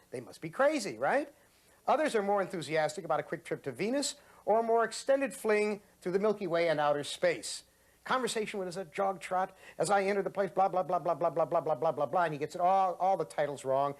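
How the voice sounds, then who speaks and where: A man in his late fifties from Ohio, reading his own story aloud and then giving sardonic commentary in a dramatic, expressive way. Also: high-pitched, brisk, dry recording. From Ohio, USA. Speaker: host and author.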